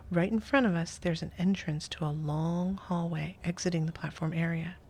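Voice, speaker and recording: A woman hosting a playthrough, reading a first-person interactive story aloud in a soft, often half-whispered voice and adding casual asides. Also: on the low side, slight background noise.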